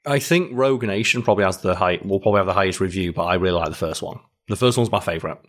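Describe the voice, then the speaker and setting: A man's voice: deep voice, racing. A man co-hosting a casual podcast chat, opinionated and chuckling, with rambling restarts. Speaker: podcast co-host.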